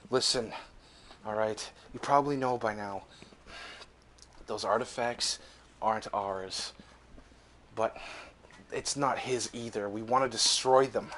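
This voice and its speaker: A man's voice: on the low side, slow pace, long pauses, fairly bright tone, a little hiss or hum. A man voicing a stern, weary lord. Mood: grave. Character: weary male human lord, stern leader.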